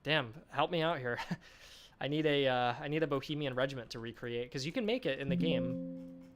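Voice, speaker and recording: A man's voice: mid-range voice, moderate pace. A man hosting a game developer live stream in a casual chat, reading viewer comments aloud and answering them with enthusiasm. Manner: enthusiastic, chatty.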